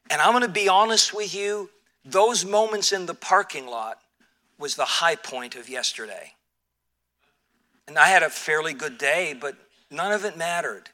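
Older male preacher, high and very bright, storytelling sermon with lots of restarts. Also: normal speed. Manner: storytelling, animated with repeated restarts. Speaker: pastor.

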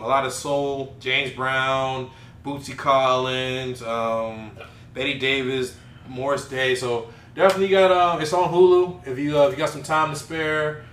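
A man's voice: mid-range voice, a bit bright, slight background noise. A man hosting a casual podcast, talking in loose, slangy banter. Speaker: podcast host. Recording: echoey room, off-mic, faint ambience.

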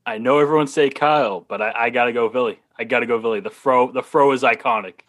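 A man's voice: mid-range voice, fast, fairly bright tone. A man with a slight Boston accent chatting casually as a podcast guest, laughing through his stories. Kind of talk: casual chat.

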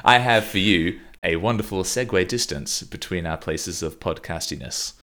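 A young man with a very deep, low voice hosts a casual podcast chat. He teases his co-host and breaks into laughter often. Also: moderate pace, fairly bright tone. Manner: laughs often, playful and teasing.

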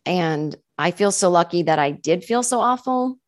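Chatty woman with a low voice. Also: normal speed, no echo, studio quality. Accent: faint Boston with California touches. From Boston area, USA. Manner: chatty, self-deprecating, animated asides. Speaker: guest, comedian. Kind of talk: casual interview chat.

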